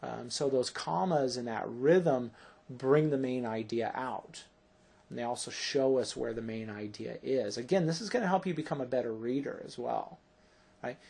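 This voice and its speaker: A man's voice: mid-range voice, moderate pace, vocal fry, darkish tone, slightly rough. A man teaching a grammar lesson, explaining patiently and checking in with "right?" after each point.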